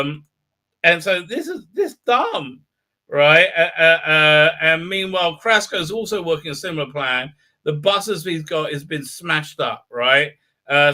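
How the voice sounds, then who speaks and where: Bright, high-voiced man ranting sarcastically. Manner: rambling, filler-heavy, sarcastic. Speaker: show host. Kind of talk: casual live-stream episode recap.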